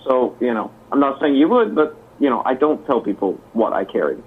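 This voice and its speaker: Husky man, guarded and halting. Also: mid-range voice, very animated. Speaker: participant on a group call. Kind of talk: casual call chat. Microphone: computer mic on a video call. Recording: tinny internet call audio.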